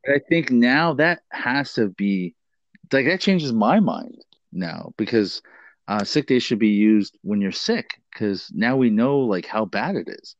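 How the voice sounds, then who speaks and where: A man's voice: medium pitch, expressive, unhurried, no room sound, muffled recording. A man in casual chat, telling a rambling story with swearing and teasing his co-host.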